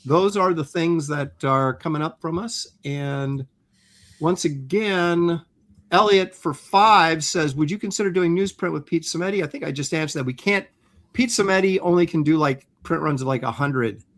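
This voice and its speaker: A man's voice: fairly high pitch, moderate pace, fairly bright tone. A man co-hosting a casual livestream chat, reading out viewer comments with many ums and mock-stern banter.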